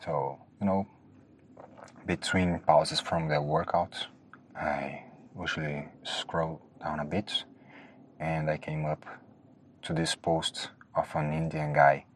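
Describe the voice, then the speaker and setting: A man's voice: extremely low pitch, flat delivery, slow pace, pauses often, a little hiss or hum. A man hosting a solo podcast, rambling nervously and hesitantly, often apologizing for how he talks. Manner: hesitant, self-deprecating, restarts often. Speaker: podcast host.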